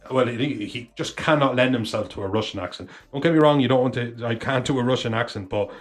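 A man's voice: mid-range voice, fast, soft background music. A man co-hosting a casual film review podcast, rambling with many restarts and the odd swear. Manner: rambling, self-interrupting, swearing. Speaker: podcast co-host.

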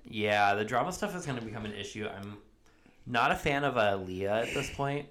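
A man's voice: lowish voice, lively intonation, moderate pace, fairly bright tone. Laid-back young man, casual swearing. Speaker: podcast co-host. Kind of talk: casual chat.

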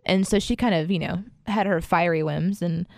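A woman's voice: fairly low pitch, normal speed, gravelly, darkish tone, no room sound, studio quality. A woman telling a personal story in casual conversation, rambling with many fillers and frequent laughs. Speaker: guest sharing her story.

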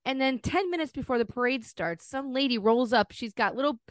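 A woman's voice: high-pitched, brisk, dry recording. Profane ranting woman podcast co-host. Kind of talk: casual chat.

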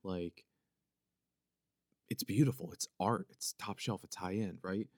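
Recorded in studio quality on a podcast microphone with no room sound, his voice sits low and moves a little slowly. He's a Philadelphia-accented host of a casual solo podcast who rambles, cracks jokes and runs his consonants together.

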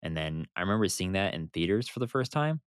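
A man co-hosting a podcast, chatting casually in an excited, joking way. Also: fast talker, clean tone, dry recording, clean studio sound. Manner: excited, jokey, lively swings in pitch. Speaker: podcast co-host. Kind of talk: casual chat.

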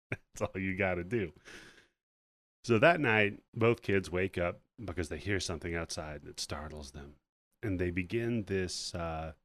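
A man's voice: low voice, no room sound. A young man, a podcast host, casually recapping a film plot and acting out the characters' lines. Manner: animated retelling with quoted voices. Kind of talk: casual movie recap chat.

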